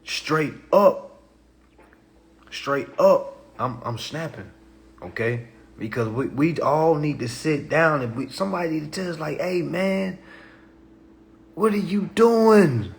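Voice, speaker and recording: A livestream host talks emphatically on a casual stream, tacking "all right" and "okay" onto his points and moving from low-key talk to loud, animated bursts. He speaks a little slowly and pauses often.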